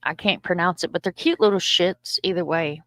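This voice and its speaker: A woman's voice: on the low side, normal speed, fairly bright tone, no room sound, studio quality. A middle-aged woman, hosting a casual live stream, reading comments aloud in a chatty, loose and profane way. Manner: chatty, loose and profane, stumbles over words.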